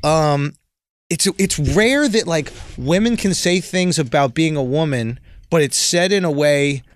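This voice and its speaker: Emphatic male co-host, high lively voice, dry close sound. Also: unhurried, no room sound. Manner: emphatic, repeats "yo". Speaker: podcast co-host. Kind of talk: casual podcast banter.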